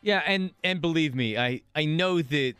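A man's voice: a little high, moderate pace, fairly bright tone, smooth, no echo, soft background music. A man hosting a sports talk radio show, chatting loosely and laughing, with rambling restarts.

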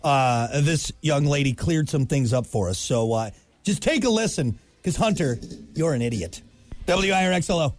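A man's voice: a little high, expressive, moderate pace, soft background music. Playful man hosting morning radio. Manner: joking, playful, breaks into singing. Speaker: radio show co-host. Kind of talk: casual radio banter. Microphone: studio mic.

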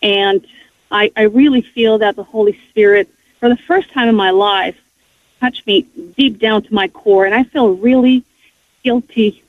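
A woman's voice: medium pitch, fairly even intonation, normal speed, no room sound. A woman giving a heartfelt personal faith testimony as a guest, talking earnestly with frequent restarts. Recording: tinny phone-line audio, dry.

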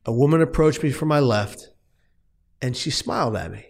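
Man, interview guest, earnest emphatic storytelling, mid-pitched voice, frequent restarts. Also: expressive, moderate pace, creaky. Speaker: guest speaker.

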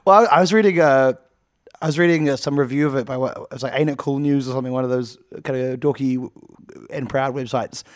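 A man's voice: mid-range voice, brisk, dry recording, studio quality. A man co-hosting a casual, comedic podcast chat, rambling through jokes and laughing often. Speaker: podcast co-host.

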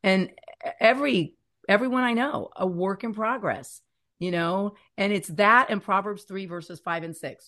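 A woman in her fifties, the guest author in a faith-centered interview, speaks at an unhurried pace and a medium pitch. She is an earnest, animated storyteller who elongates key words while talking about faith, fear and scripture.

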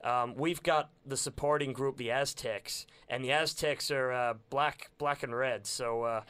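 A man's voice: mid-range voice, fairly even intonation, unhurried, a bit bright, clean tone. A young adult man with an Australian accent, chatting enthusiastically as a podcast co-host, often repeating words as he goes. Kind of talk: casual chat.

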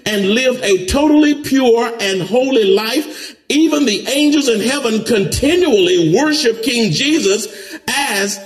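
A male pastor preaching a sermon, building from steady teaching to shouted emphasis. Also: measured pace. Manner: preaching with big pitch swings, rising to shouts.

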